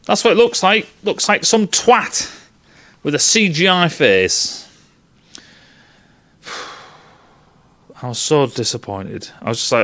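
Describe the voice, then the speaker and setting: A man's voice: fairly high pitch, sing-song, slow, long pauses, a bit bright. A man ranting sarcastically and profanely in a casual film review.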